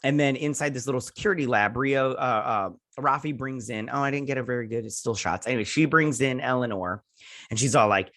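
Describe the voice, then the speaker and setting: A man's voice: medium pitch, a little fast, fairly bright tone. A man hosting a show, recapping an episode in a loose, rambling way, full of fillers and restarts, now and then slipping into goofy voices for quotes. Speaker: show host reviewing a TV episode.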